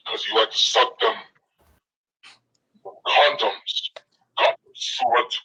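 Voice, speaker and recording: A man's voice: mid-range voice, slow, pushed and bright, far from the mic, pitched below the performer's own voice, poor audio. A man voicing a cruel teenage bully who threatens and mocks a weaker boy while reading game dialogue aloud. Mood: sneering. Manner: sneering, threatening, mocking.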